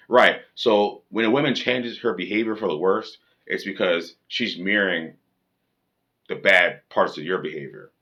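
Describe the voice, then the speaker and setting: Deep-voiced man ranting bluntly. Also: sharp tone, highs cut off. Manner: blunt, profane, lecturing. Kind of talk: casual rant to camera.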